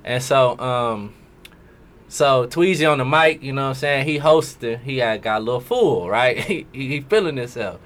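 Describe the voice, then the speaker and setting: A man's voice: mid-range voice, lively intonation, normal speed, fairly bright tone. A man casually telling a long story in street slang to friends. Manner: laid-back slangy storytelling, slips into voices when quoting people.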